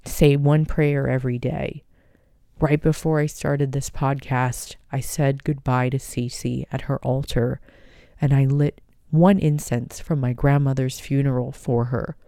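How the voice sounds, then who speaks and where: A woman hosting her own podcast, speaking in a gentle, heartfelt, unhurried way. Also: rumbling low, steady tone, no room sound, studio quality. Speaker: podcast host. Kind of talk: personal podcast talk.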